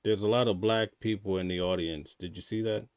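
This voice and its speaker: A man with a lowish voice chats casually with the host, pausing often and filling gaps as he asks her questions. The sound is dry and close, with no room echo. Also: steady tone, a little mellow, clean tone. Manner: halting, with fillers, asks questions. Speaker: stream co-host. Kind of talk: casual conversation.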